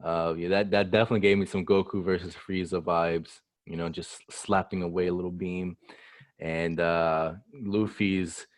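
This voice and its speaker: A man co-hosting a casual chat, relaxed and full of "you know" fillers. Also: sits low, moderate pace, no echo, clean studio sound. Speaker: co-host.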